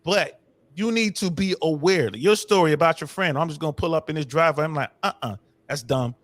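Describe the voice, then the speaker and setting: A middle-aged man talks as a guest in a casual chat, his voice sitting a little high. He tells stories with care over his words. The recording is dry and close. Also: quick pace, dry recording. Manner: storytelling, cautious with words. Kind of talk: casual conversation.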